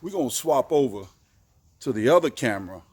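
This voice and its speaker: Folksy, excitable man at the range. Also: medium pitch, a little fast, a little hiss or hum. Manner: excitable, hollers when shots land; folksy, talks to viewers as folks. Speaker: shooting channel host. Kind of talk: casual vlog talk to camera. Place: outdoor shooting range.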